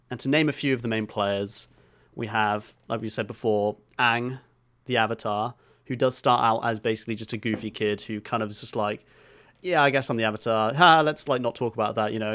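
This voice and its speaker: A man co-hosting a podcast, explaining at length in a steady, casual way with fillers and some swearing. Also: fairly low pitch. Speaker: podcast co-host.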